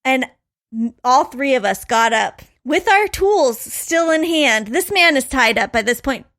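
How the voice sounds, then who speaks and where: A woman co-hosting a podcast, telling a story in a casual, animated way, laughing often and acting out quotes. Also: sits high, a little slow. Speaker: podcast co-host.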